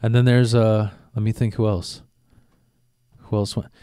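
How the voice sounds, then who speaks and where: A man's voice: lowish voice, flat delivery, unhurried, mellow, smooth, no echo, clean studio sound. A man in his thirties talking casually as a podcast co-host, rambling and swearing, with many restarts. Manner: rambling, profane, frequent restarts. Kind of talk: casual chat.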